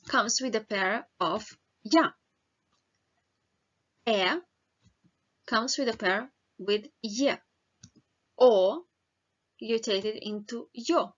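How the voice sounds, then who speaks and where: A woman teacher, pronouncing letters and words slowly and carefully in a lesson. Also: mid-range voice, fairly bright tone. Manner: careful, drawn-out pronunciation of each letter and word. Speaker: language teacher. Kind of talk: slow, deliberate alphabet lesson. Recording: slightly dull, lo-fi sound.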